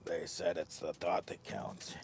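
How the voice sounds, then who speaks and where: Slow-talking gravelly man on a live stream. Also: sits low, little pitch movement, a little hiss or hum. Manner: rambling, jokey, talks to his dog and viewers. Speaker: livestreaming camper and channel host. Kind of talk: casual live-stream chat. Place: tent at a campsite.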